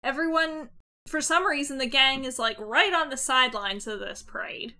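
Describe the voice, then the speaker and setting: A woman's voice: sits high, normal speed, bright, forceful tone. A woman co-hosting a casual comedic movie review podcast, blunt and sarcastic, with frequent swearing. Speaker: podcast co-host.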